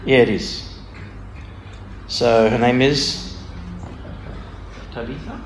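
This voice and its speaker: A man leads an informal scripture talk, reading passages and then explaining them as he thinks aloud. His medium-pitched voice rings in a roomy, echoey space. Faint background noise sits underneath. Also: slow pace. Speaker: Bible study speaker.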